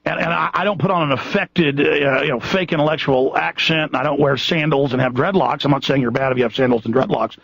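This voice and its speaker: A radio host rants with heated indignation, tripping over restarts as he goes. His voice is gravelly and husky and sits a little high. The broadcast sounds dull and lo-fi, with no room around it. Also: quick pace, hardly any pauses, fairly bright tone, dry recording. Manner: impassioned, indignant ranting with many restarts. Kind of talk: monologue on a radio show.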